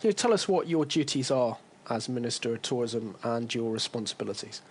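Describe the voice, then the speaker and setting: A man's voice: mid-range voice, lively intonation, fairly quick. A man interviewing a guest, asking questions in a conversational way. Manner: conversational, asks follow-up questions.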